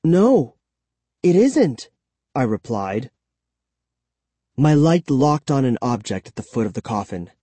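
A narrator reading a first-person story aloud in a slow, measured, lively way. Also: medium pitch, no echo. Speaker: audiobook narrator.

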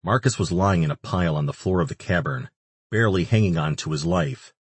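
Deep-voiced male audiobook narrator, husky tone, dry close read. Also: fairly quick, dry recording. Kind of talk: scripted narration.

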